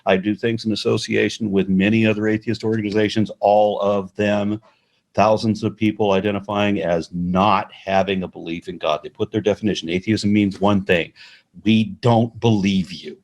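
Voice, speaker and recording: A man being interviewed, explaining at length in a measured way, with frequent restarts. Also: on the low side, steady tone, a little mellow. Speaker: atheist organization representative, interview guest.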